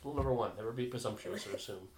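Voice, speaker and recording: A man's voice: mid-range voice, racing, echoey room. An American man co-hosting a podcast in casual chat, joking and bantering. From United States. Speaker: podcast co-host.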